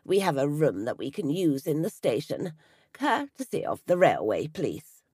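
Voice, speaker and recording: A woman voicing a male police inspector with a nasal, slightly strangulated voice, speaking slowly and with measured reassurance. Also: low voice, sing-song, a little mellow, breathy edge, dry recording, clean studio sound, voice pushed down, full character voice. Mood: measured, probing. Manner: slow, measured, falsely reassuring. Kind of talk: storybook reading.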